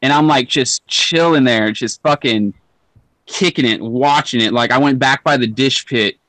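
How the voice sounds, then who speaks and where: A man's voice: medium pitch, moderate pace, fairly bright tone, dry recording. A young man co-hosting a podcast in casual chat, laid-back and full of slang and swearing. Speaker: podcast co-host.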